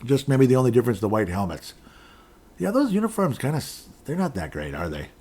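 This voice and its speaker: A man's voice: medium pitch, very animated, brisk, darkish tone, breathy edge. A man hosting a sports podcast, chatting loosely and reading out listener comments. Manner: rambling, chatty, with restarts and laughs. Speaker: podcast host.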